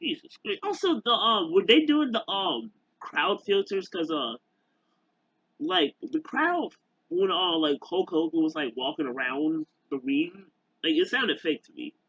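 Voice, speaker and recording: Rambling young man with a husky voice. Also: high voice, big pitch swings, a bit bright, no echo, muffled recording. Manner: rambling, halting, many fillers and restarts. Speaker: YouTuber. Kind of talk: casual rant to camera.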